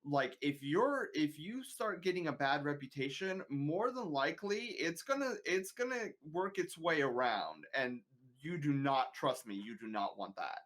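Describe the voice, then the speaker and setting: A man's voice: on the high side, expressive, measured pace, hardly any pauses, a bit bright. A man streamer chatting casually on a podcast, giving earnest, emphatic advice with lots of filler words, over a remote voice call.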